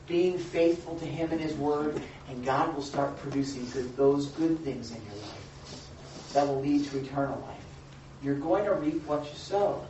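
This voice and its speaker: A pastor delivering an animated, emphatic sermon to his congregation, often repeating words as he drives a point home. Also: fairly high pitch, a little hiss or hum. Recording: echoey hall from a distant, dull mic.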